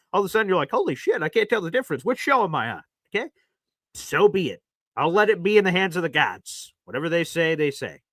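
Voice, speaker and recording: Male sports-fan host, thirties, animated and chatty, bright forceful tone, dry close mic. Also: mid-range voice, no echo. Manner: animated, chatty, shifts between hype and heartfelt. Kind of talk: live-stream fan show chat.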